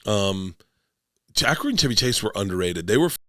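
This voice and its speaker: A man's voice: lowish voice, lively intonation, a little fast, bright, forceful tone, no echo, clean studio sound. A middle-aged man from Florida, a comedian guest telling rambling stories in casual podcast chat and acting out quotes in bursts.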